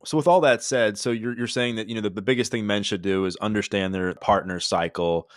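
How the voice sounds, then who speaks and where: A man hosting a podcast interview, asking measured, thoughtful questions. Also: on the low side, steady tone, no echo, clean studio sound. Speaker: podcast host.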